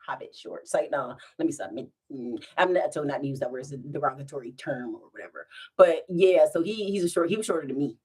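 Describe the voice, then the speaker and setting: Giggly woman telling lively stories. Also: low-pitched, fast talker, slightly rough. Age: adult with children. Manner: giggly, animated, bursts into laughter. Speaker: vlogger telling stories to live viewers. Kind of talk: casual storytime.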